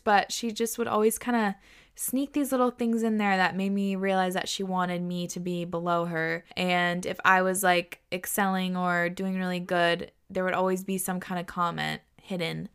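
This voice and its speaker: A woman's voice: mid-range voice, a bit bright, smooth. A young woman in her twenties hosting a podcast, giving casual, candid advice in a chatty way, full of "like" and the odd swear word. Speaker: podcast host.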